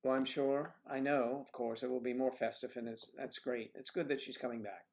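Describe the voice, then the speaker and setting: Rambling gravelly man hosting a livestream. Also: medium pitch, steady tone, a little fast. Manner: rambling, chatty storytelling. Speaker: livestream host. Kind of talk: casual livestream chat.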